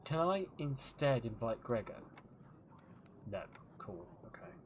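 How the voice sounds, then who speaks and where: A man's voice: medium pitch, sing-song, slow, noisy background. A male streamer giving casual gameplay commentary, joking around and riffing on silly voices.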